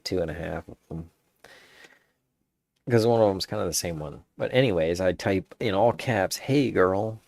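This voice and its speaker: Low gravelly guy just rambling and thinking out loud, dry close mic. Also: no echo. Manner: meandering, thinks aloud with restarts. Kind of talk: rambling casual monologue.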